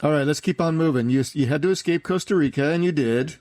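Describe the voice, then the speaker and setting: A man hosting a podcast, asking questions in an earnest, halting way. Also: a little high, a little mellow. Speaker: podcast host. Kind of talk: casual interview.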